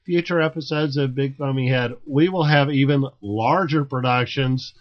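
A man's voice: medium pitch, highs cut off. Chuckling man hosting a podcast. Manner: laughs often, halting with restarts. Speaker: podcast host. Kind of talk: casual chat.

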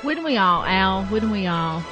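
A woman's voice: mid-range voice, lively intonation, measured pace, music in the background, natural voice. A woman playing an admiring buddy in an amateur radio play, cheering and egging a friend on. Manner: cheering, encouraging.

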